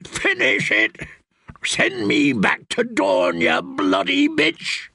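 A man's voice: on the high side, expressive, creaky, a bit bright, breathy edge, no room sound, studio quality, heavily acted. A man doing a scornful, snarling spearman. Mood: desperate. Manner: taunting, slow and snarling. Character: fierce wounded male spearman, scornful. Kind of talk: audiobook character voice.

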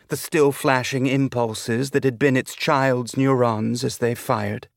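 A man reading a novel aloud as an audiobook narrator, with a measured, deliberate delivery. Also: mid-range voice, no echo, clean studio sound. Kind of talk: scripted narration.

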